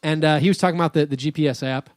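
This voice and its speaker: A man's voice: a little high, steady tone, very fast, dry recording, studio quality. Rambling man telling a story. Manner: rambling storyteller, many fillers and restarts. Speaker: podcast co-host. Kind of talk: casual chat.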